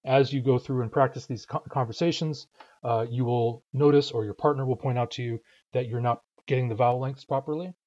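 Mellow-voiced man teaching pronunciation rhythm. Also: mid-range voice, steady tone, brisk, highs cut off. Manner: patient, methodical, demonstrates rhythms aloud. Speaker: language teacher. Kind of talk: spoken language lesson.

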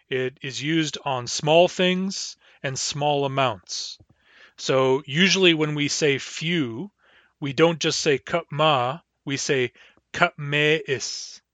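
A man's voice: a little high, fairly bright tone, dry recording. Guy teaching vocab, says each word twice real careful, dry dead-sounding mic. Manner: measured, spells out and repeats each word slowly. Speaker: language teacher. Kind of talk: recorded language lesson.

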